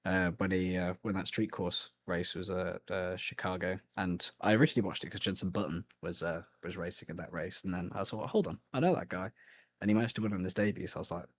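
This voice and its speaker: A young man from central England with a Birmingham accent, giving a relaxed post-race interview and laughing often. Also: low voice, fast, few pauses, no room sound. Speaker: sim racing driver.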